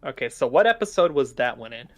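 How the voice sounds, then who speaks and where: A man's voice: mid-range voice, big pitch swings, quick pace, faint music behind. A young man hosting a casual online chat, hesitant and rambling, with many fillers and restarts. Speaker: podcast host ranking cartoon foods.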